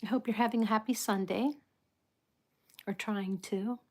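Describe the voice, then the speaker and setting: A woman hosting a casual live chat with her viewers, soft-spoken and apologetic, greeting people and laughing often. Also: medium pitch, steady tone, moderate pace. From United States. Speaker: livestream host.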